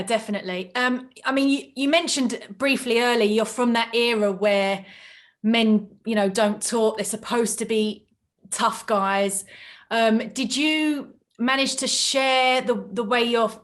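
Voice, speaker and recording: A woman interviewing a guest, asking gentle, sympathetic questions. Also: a little high.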